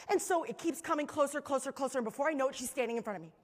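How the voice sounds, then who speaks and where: A woman giving a motivational stage talk, telling stories in an animated, chatty way to a live audience. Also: high-pitched, rapid-fire, few pauses. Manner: animated storytelling, chatty fillers. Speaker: keynote speaker. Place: large hall with live audience. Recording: reverberant hall.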